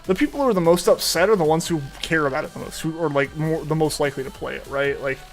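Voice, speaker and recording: A man's voice: on the high side, fast, vocal fry. Rambling young man chatting over game music. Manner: rambling, with many fillers and restarts. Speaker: streamer. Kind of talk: casual chat while gaming.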